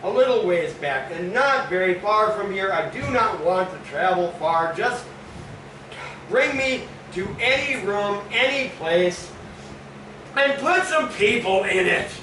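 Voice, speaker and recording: An actor playing Faust, a weary, volatile scholar who swings from hushed brooding to shouting outbursts in a live stage monologue. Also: male voice, sits high, animated, a little slow, full character voice. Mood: pleading, weary. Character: weary, volatile male scholar, driven and bitter. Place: small live performance venue. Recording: roomy, distant mic, ambient noise.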